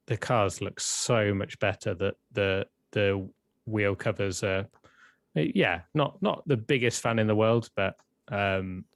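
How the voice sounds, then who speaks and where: A relaxed British man co-hosting a livestream, thinking aloud in a hesitant way. His voice sits fairly low and is recorded dry and close, with no room sound. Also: slow, no echo. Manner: relaxed, hesitant, lots of ums and sort ofs. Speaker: co-host. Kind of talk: casual livestream chat.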